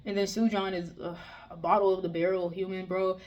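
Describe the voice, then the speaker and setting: A woman giving a heated, exasperated casual review, swearing often and breaking into animated outbursts. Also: mid-range voice, a little fast, dull audio. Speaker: manga reviewer.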